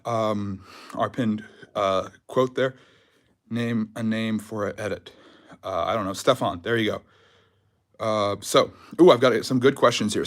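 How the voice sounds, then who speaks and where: Man, out of breath, history livestream host, rambling casual chat, mid-pitched voice. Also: no echo, studio quality. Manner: rambling, loose, full of fillers and restarts. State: out of breath after a jog.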